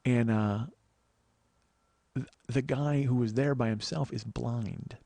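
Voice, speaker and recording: A man hosting a podcast takes his time telling a road story solo, his medium-pitched voice creaky against heavy background noise. Swearing freely on his podcast mic, he stays animated and acts out what others said.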